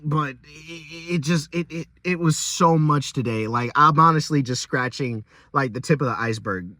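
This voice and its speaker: A young man venting about a rough day at work in a rambling, exasperated casual vlog rant, often stumbling and repeating himself. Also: a little high, pushed and bright, no echo, clean studio sound.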